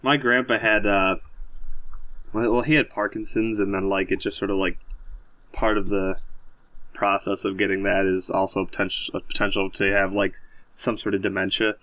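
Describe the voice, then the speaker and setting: A man's voice: lowish voice, flat delivery, normal speed, a bit bright, no echo. A young man co-hosting a podcast, talking reflectively and hesitantly with many fillers. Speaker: podcast co-host. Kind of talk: casual chat.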